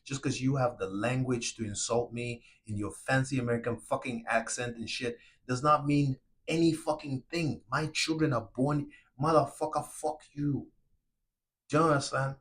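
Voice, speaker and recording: A man's voice: medium pitch, steady tone, normal speed. Furious, profane man ranting. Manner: angry, profane, repetitive and confrontational; swings between shouting and quiet, remorseful murmuring. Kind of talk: impassioned solo rant to camera.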